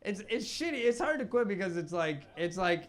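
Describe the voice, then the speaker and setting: A man's voice: high voice, sing-song, normal speed. A young man doing a self-deprecating stand-up set on stage, rambling with restarts and fillers. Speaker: stand-up comedian. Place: basement comedy club stage. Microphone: handheld stage microphone. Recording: live club with crowd laughter. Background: audience laughing.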